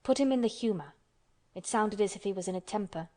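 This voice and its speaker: A woman's voice: medium pitch, fairly quick, dark tone, close to an everyday voice. A woman voicing a sickly, peevish young boy who speaks restlessly and resentfully.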